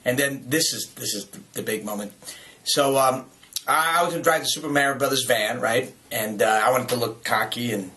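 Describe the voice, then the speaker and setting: A man in his forties from the United States reminisces about a film shoot in a casual, lively way. He chuckles often and stops and restarts his sentences as he tells his stories. His pitch sits at an ordinary middle height. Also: a little fast. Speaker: actor. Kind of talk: casual anecdotes in a video message.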